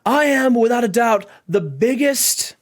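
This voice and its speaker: A man's voice: very high-pitched, expressive, measured pace, pitched above the performer's own voice, heavily acted. A man voicing a huge boastful male pro wrestler cutting a bragging promo in a video game playthrough.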